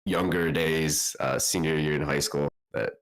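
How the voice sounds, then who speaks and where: An easygoing man co-hosts an online meetup, chatting casually. His voice is extremely deep. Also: steady tone, a little slow. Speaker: co-host. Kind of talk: casual chat.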